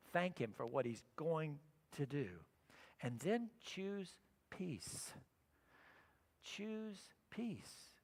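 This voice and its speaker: Animated high-voiced pastor preaching. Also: male voice. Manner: animated storytelling, acts out his own thoughts, swings from loud to soft. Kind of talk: sermon. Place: church sanctuary. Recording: reverberant church sanctuary.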